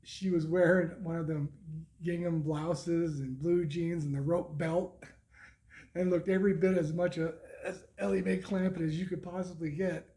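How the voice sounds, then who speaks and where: Middle-aged male vlogger, slightly high voice with a soft, mellow tone, loose and rambling, lots of restarts and little chuckles. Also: fairly even intonation, normal speed. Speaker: motorcycle vlogger. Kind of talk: casual spoken recap.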